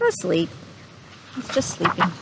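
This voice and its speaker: A woman reading a picture book aloud to children, slow and expressive, stopping to ask her listeners questions. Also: lowish voice, vocal fry, noisy background.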